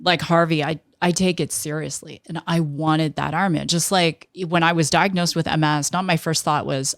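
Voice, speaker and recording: A middle-aged woman telling an animated personal story in an interview, acting out the people she quotes. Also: deep voice, normal speed, vocal fry, hardly any pauses, no echo, studio quality. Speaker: guest, entrepreneur.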